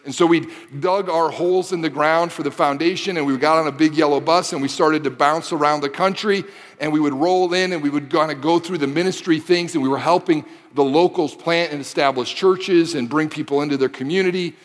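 A man's voice: fairly high pitch, a little fast, big-room sound. A man in his forties from the Detroit area preaching a sermon, building to impassioned repeated phrases and mixing in casual asides to the audience. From Michigan, Detroit area. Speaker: pastor.

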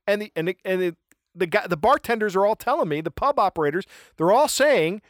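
Male podcast host, slightly high voice, dry close sound, rambles and hunts for words. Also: fast talker, no room sound. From United States. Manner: rambling, gets excited, searches for words. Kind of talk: casual podcast chat.

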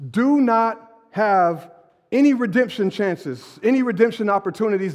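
A man preaching a sermon in a church hall, animated and conversational, with sudden shouted emphasis. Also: high-pitched. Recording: long hall reverb.

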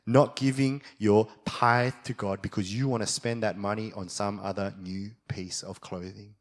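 A young adult man preaching a sermon as a pastor, moving from quiet reflection to fired-up passion. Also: on the low side, fairly even intonation, normal speed.

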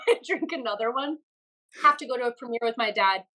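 A woman guest on a podcast telling stories in a lively, chatty way and laughing often. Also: a little high, a little fast, poor audio. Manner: animated storyteller, laughs often. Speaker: guest actress. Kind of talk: casual podcast interview.

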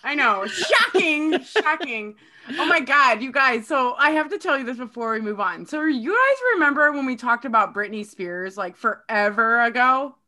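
A woman with a Midwestern accent chatting casually as a podcast co-host, animated and swearing freely while she laughs through her stories. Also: high voice, normal speed. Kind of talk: casual chat.

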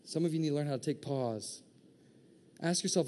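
A man preaching a sermon to a congregation, animated and joking, acting out the inner voices of his listeners. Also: on the high side, a little fast. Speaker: pastor.

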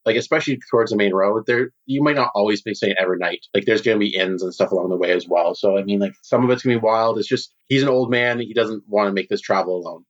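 A man acting as game master in a casual tabletop role-playing session, relaxed and chatty with laughter. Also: lowish voice, fast, few pauses, dull audio. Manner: relaxed, laughing, lots of fillers.

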